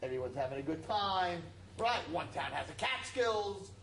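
Lively man teaching a class. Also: on the high side, moderate pace, gravelly, a little hiss or hum. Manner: animated, emphatic, repeats himself. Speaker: religious teacher. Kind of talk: storytelling lesson to a class. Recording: roomy echo.

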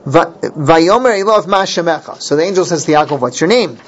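A man's voice: a little high, lively intonation, brisk. A man giving a Torah class, reading Hebrew verses and explaining each one in English, often restarting his sentences. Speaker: Torah teacher. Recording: dull lo-fi recording.

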